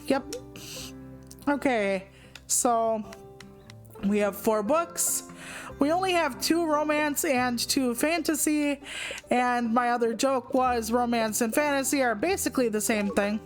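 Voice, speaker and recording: A woman's voice: a little high, slow pace, pauses often, faint music behind. A woman in her forties hosting a let's play, chatting in a goofy, self-mocking way. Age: 40s. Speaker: gaming channel host. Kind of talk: casual let's play commentary.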